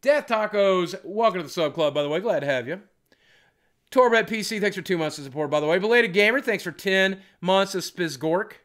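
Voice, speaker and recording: A middle-aged man chatting and joking with his viewers on a live stream, teasing them and swinging between loud and quiet. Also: sits high, a little fast. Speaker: livestreamer. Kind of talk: casual live-stream chat.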